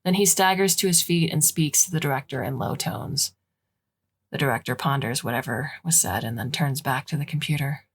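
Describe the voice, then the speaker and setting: A woman reading a short story aloud as a podcast narrator, in an unhurried, deliberate way with soft, hushed line endings. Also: deep voice, breathy edge.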